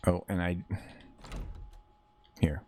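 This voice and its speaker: A man's voice: deep voice, little pitch movement, very slow, warm tone, a little hiss or hum. A man livestreaming a survival game, rambling through his plans with fillers and restarts, greeting and teasing chat and swearing casually. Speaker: livestreaming gamer. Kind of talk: casual live game commentary.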